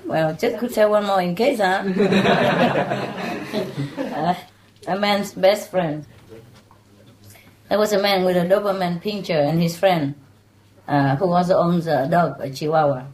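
A woman's voice: fairly low pitch, darkish tone, poor audio. A woman telling jokes in casual chat, laughing through her own punchlines and stumbling over her words as she goes. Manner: loose, halting delivery with restarts. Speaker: joke teller among friends.

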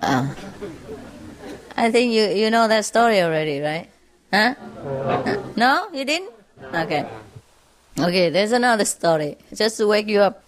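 A woman's voice: mid-range voice, sing-song, a crowd in the background. A woman telling humorous stories to an audience, chuckling often between them. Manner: chuckling, unhurried. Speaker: storyteller.

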